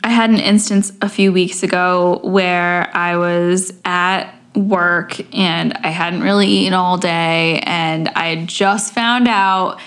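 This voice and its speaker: A woman co-hosting a podcast, telling a story in a lively, profane, casual way. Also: on the low side, takes it slowly, hardly any pauses. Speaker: podcast co-host.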